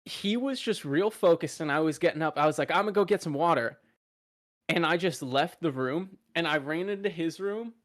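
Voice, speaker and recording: Loud, projecting young man, slightly high. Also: lively intonation, moderate pace, hardly any pauses. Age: young adult. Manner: loud, projecting, laughing, filler-heavy. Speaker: podcast co-host. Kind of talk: casual chat.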